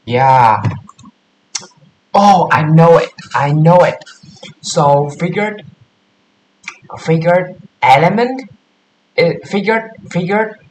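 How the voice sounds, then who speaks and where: A man walking through coding exercises aloud, halting, repeating and correcting his words as he thinks. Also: fairly high pitch, darkish tone. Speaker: coding tutor. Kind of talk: casual screen-share coding walkthrough. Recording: roomy echo with faint hiss.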